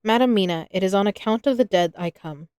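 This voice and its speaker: A courtly, earnest older doctor speaks in formal, old-fashioned phrases, read by a woman. The voice sits at a middling pitch. The sound is dry and close. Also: fast, darkish tone, smooth, no room sound, lightly acted.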